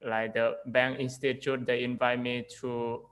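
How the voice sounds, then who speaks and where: A young Lao English teacher speaks with a Lao accent in a mid-range, unhurried voice that stays fairly level and sounds a bit bright. The recording quality is low. In this casual interview chat he talks hesitantly, with many fillers and restarts.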